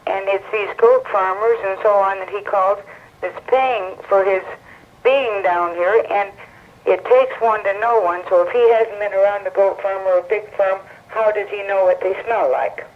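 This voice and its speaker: An indignant man scolds in a high voice over a tinny phone line. The call is heard through a narrow 1970s radio broadcast. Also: steady tone, normal speed. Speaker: caller.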